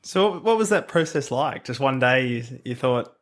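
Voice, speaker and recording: A man's voice: medium pitch, animated, normal speed. A man hosting a podcast, asking his guest short, prompting questions. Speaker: podcast host. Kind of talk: interview questions.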